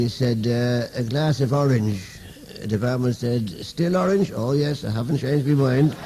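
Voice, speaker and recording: Young irish comic firing off one-liners, dark mellow voice, does the characters' voices, faint hum behind. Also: male voice, mid-range voice, a little slow. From Ireland. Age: young adult. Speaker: comedian. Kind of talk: stand-up joke telling.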